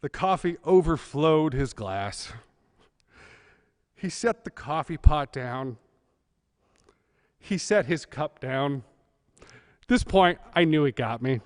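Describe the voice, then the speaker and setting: A man's voice: fairly high pitch, animated, unhurried, pauses often, a little mellow, in a large hall. A man in his thirties from California, telling a humorous, self-deprecating personal story at a church service.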